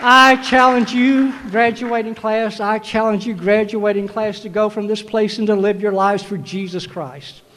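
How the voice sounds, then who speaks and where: A man's voice: high-pitched, steady tone, measured pace, hardly any pauses, a bit bright, a faint crowd, slight background noise. A man preaching a graduation sermon, urging the class with emphatic repetition. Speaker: commencement preacher. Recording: long hall reverb.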